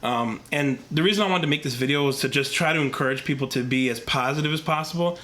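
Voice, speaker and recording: A man's voice: on the high side, fast, bright, forceful tone. A young man with a stuffy, congested voice from a cold, earnestly talking straight to his camera in a rambling vlog full of fillers. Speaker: vlogger. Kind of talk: casual talk to camera. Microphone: camera mic, talking to camera.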